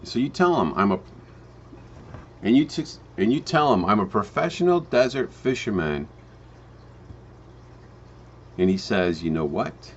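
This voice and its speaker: Man telling a slow parable. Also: mid-range voice. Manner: storytelling with restarts, slow emphatic phrasing. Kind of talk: spoken parable for a home business pitch. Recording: dull lo-fi recording.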